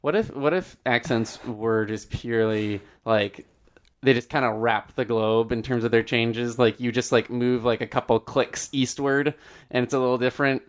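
A man's voice: mid-range voice, steady tone, normal speed. An American man co-hosting a podcast, chatting casually in a playful, rambling way with lots of fillers. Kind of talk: casual chat.

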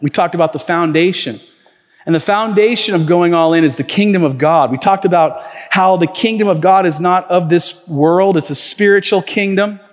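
A man's voice: high-pitched, normal speed. A man preaching a sermon as pastor, telling stories casually with lots of fillers. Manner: conversational storytelling with many fillers. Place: church auditorium. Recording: reverberant church hall.

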